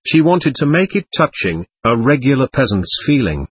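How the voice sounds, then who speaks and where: A man's voice: mid-range voice, very animated, normal speed, breathy edge, dry recording. A man reading the part of a sullen, scornful young male servant who speaks in a curt, resentful way, in an audiobook.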